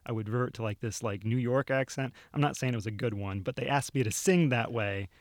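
The young man, a video producer, chats on a podcast and tells stories in a relaxed way, with frequent fillers and laughter. His mid-range voice moves briskly, and the studio-mic recording is dry and clean.

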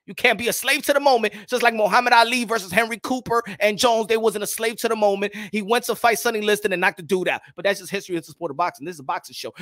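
A man hosting a boxing show, talking loud and profane, mocking critics and repeating himself. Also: sits high, no echo, clean studio sound. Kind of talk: animated boxing commentary.

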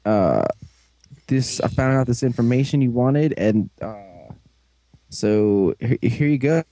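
A man's voice: medium pitch, warm tone, no room sound, poor audio. Guy rambling thru a show recap, does goofy little character voices, dry no-room sound. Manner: rambling, acts out characters' lines in quick put-on voices. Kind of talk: casual episode recap.

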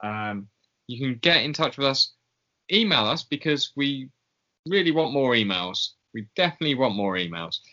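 A man's voice: mid-range voice, expressive, normal speed, bright, forceful tone. A man hosting a podcast, rambling through a casual sign-off with plenty of fillers and self-mocking asides, on a dull lo-fi call line. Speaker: podcast host.

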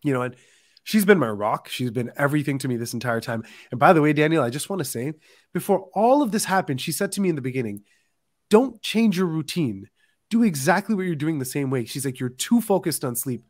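A man's voice: a little high, fast talker, no room sound, studio quality. A man telling his own insomnia story as a podcast guest, speaking candidly, addressing the host by name and acting out what others said. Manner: animated, addresses the host by name, acts out quoted lines.

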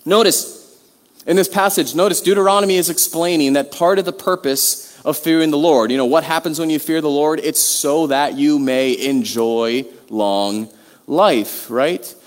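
A man's voice: fairly high pitch, moderate pace. A man preaching a sermon in a conversational way, with many restarts and rhetorical questions. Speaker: pastor. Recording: long hall reverb.

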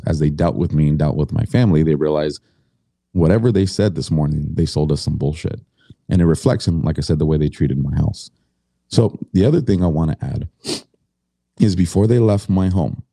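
A man's voice: low-pitched, normal speed, dark tone, no echo, studio quality. A middle-aged man telling his story as a podcast guest, blunt and indignant, swearing freely.

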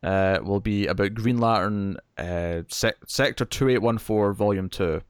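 A man's voice: on the low side, moderate pace, clean tone, no echo, clean studio sound. A man hosting a comics podcast, chatting casually, laughing often and restarting his sentences. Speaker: podcast host. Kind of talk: casual chat.

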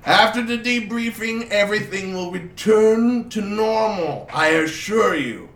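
A man's voice: high-pitched, measured pace, fairly bright tone, a little hiss or hum, pitched above the performer's own voice. A man voicing a pompous, cigar-smoking duke who speaks in a placating, grand manner. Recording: roomy echo.

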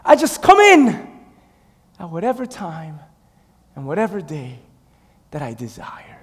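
A man preaching a fervent sermon, swinging from shouts to hushed asides. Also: sits high, wildly swooping pitch, measured pace, slightly rough. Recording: long reverb in a large hall.

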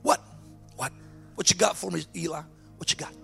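A man voicing an eager young male servant who loudly asks what he is wanted for. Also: high-pitched, moderate pace, vocal fry, husky, faint music behind, exaggerated voice.

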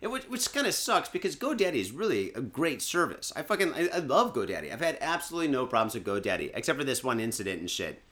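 A man from Michigan hosts a podcast with loose, profane, jokey banter and plenty of fillers, all while day drinking. His medium-pitched voice is very animated and a bit bright, racing along with hardly any pauses.

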